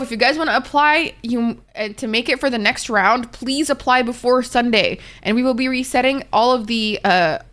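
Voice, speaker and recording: A young woman on a livestream, talking with her chat in a loose, expressive way and cursing without a second thought. Her voice sits a little on the high side. She rambles and thanks viewers as she goes. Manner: chatty and expressive, swears freely, many fillers. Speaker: Twitch streamer.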